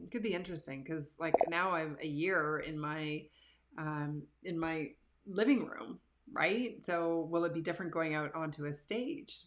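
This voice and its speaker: A woman, hosting a live show from her living room and telling stories about herself in a casual, animated, self-deprecating way. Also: low-pitched. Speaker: livestream show host. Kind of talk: casual storytelling to live viewers.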